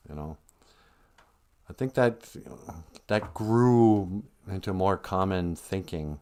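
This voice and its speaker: A livestream host with a low, smooth voice talks slowly and casually, rambling, chuckling and reading viewer comments between tangents. His animated asides keep breaking up the flow.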